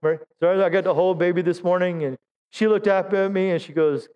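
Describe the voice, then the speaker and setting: A man's voice: high voice, steady tone, a little fast, a little mellow, smooth. A middle-aged man preaching a Pentecostal sermon as pastor, exhorting the congregation to respond and joking at his own expense. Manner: exhorting, calls for audience response; self-deprecating humor. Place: church sanctuary.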